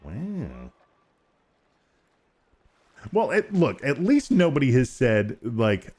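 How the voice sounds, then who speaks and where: A man chatting casually through a game stream, joking and slipping into silly voices. His tone is husky and his pitch swings all over the place. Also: wildly swooping pitch, slow, pauses often, darkish tone. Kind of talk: casual gaming stream chat.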